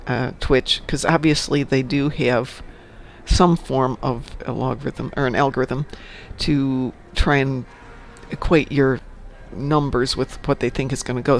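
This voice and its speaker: A man's voice: medium pitch, a little hiss or hum. A man in his sixties casually chatting on a live stream, reading the chat aloud and telling dad jokes. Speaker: stream co-host.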